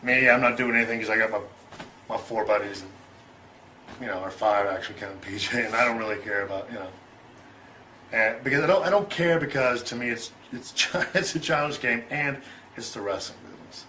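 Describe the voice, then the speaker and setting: A man's voice: medium pitch, brisk, bright, forceful tone, slight background noise, rough recording. A middle-aged man telling a story in an interview, loose and profane, chuckling and acting out both sides of an argument. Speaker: interview guest.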